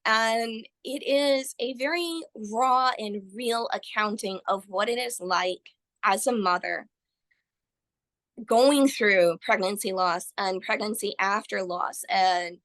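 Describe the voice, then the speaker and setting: A woman guest on a podcast, speaking earnestly and telling her experience with animated storytelling. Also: medium pitch, slow pace. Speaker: guest, author. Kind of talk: podcast interview.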